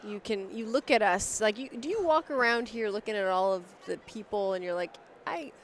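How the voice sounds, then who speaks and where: A woman's voice: medium pitch, fairly quick, a little hiss or hum. A woman hosting a podcast, asking questions eagerly and reacting in a casual, chatty way. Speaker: podcast host, interviewer. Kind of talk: casual interview. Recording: faint ambience at a trade show.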